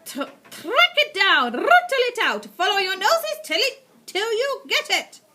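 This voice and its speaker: A woman voicing a cruel, imperious female witch leader who shouts her commands. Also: sits high, very animated, unhurried, voice pushed up, exaggerated voice. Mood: screaming.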